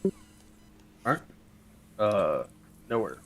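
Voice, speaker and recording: Low-voiced man running a tabletop game. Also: sing-song, drawn-out words, faint music behind, rough recording. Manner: hesitant, with filler sounds. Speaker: game master.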